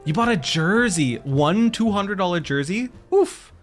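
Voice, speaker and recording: A man's voice: high-pitched, expressive, unhurried, faint music behind. A young man streaming a game, chatting casually, joking and reacting to his chat.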